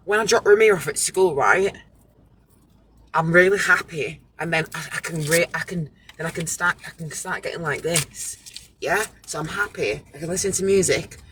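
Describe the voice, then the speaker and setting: British male vlogger, slightly high voice, rambling restless self-talk, car noise behind. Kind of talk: casual vlog monologue. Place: parked car.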